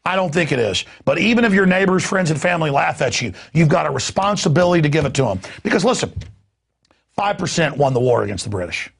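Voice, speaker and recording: A man's voice: fairly high pitch, big pitch swings, quick pace, creaky, breathy edge. A man hosting a talk show, delivering an urgent, preachy political monologue in a fervent voice with lots of restarts.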